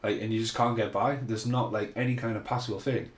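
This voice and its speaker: A man's voice: fairly low pitch, fairly even intonation, fast. A man hosting a casual film commentary podcast, rambling and swearing freely as he rants. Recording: roomy echo.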